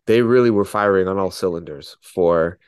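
A man with a low voice co-hosts a casual podcast, easygoing and quick to laugh. He keeps prodding his partner with questions. His voice sounds dry and close, with little room sound. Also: darkish tone, clean tone, no echo. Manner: easygoing, asks probing questions, laughs often. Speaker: podcast co-host. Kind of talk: casual chat.

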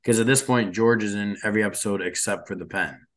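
A man's voice: fairly low pitch, fast talker, fairly bright tone. A man co-hosting a podcast in casual chat, giving blunt, profane opinions and animatedly retelling scenes. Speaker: podcast co-host.

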